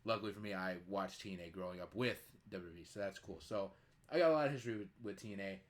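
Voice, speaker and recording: A man's voice: low voice, fast talker. A young man in his twenties hosting a podcast, telling rambling stories full of fillers. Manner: rambling, filler-heavy storytelling. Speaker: podcast host. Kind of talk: casual podcast chat.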